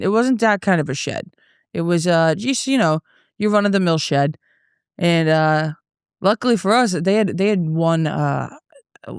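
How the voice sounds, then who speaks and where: A woman's voice: medium pitch, clean tone, no echo, studio quality. A young woman from the Boston area with a Boston accent, hosting a solo podcast and rambling through stories while drinking beer. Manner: profane, rambling, tipsy storytelling with frequent restarts. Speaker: podcast host and comedian. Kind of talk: casual solo podcast rant.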